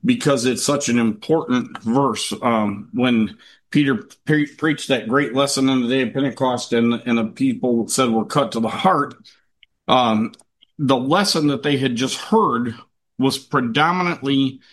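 Halting man teaching a Bible class. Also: medium pitch. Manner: loose and halting, with many restarts, reading scripture aloud at a quicker clip.

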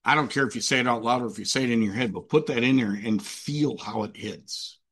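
A man's voice: medium pitch, fairly quick, fairly bright tone, slightly rough. A man preaching a sermon emphatically, with rhetorical questions and repetition.

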